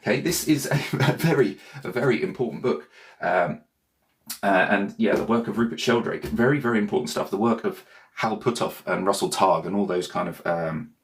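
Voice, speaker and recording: A low-voiced man talks loosely and digressively to his viewers as a meditation teacher. He wanders between points and keeps checking in with a quick "okay?". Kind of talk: casual rambling talk to viewers.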